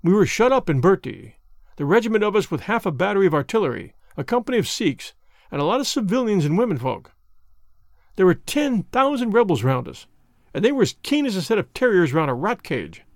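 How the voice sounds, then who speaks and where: A man reading aloud who voices a bitter, hunched old ex-soldier in a storybook, pitched higher than his own voice and given to vehement outbursts. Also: no room sound, studio quality. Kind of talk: audiobook character reading.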